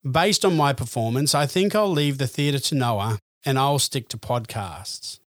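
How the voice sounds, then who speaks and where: A man hosting a podcast, reading a scripted narration in an earnest, measured way. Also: medium pitch, dry recording, clean studio sound. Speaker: podcast host.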